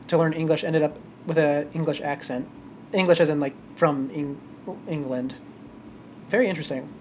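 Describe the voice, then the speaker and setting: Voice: medium pitch, slight background noise. A streamer chatting casually during a live game playthrough, rambling and correcting themselves mid-thought. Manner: rambling, self-correcting asides.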